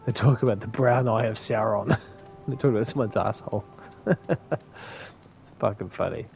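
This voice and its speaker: A man's voice: lowish voice, a little slow, gravelly, darkish tone, soft background music. A man from New with a slight lisp, mumbling and laughing through casual, profane commentary as he streams a game. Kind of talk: casual live gameplay commentary.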